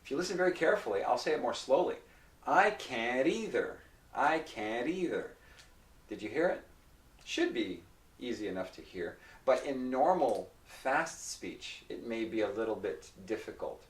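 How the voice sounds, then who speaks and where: A man teaching pronunciation. He explains patiently and repeats example phrases slowly and carefully. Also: mid-range voice, animated. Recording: roomy echo, mic at a distance.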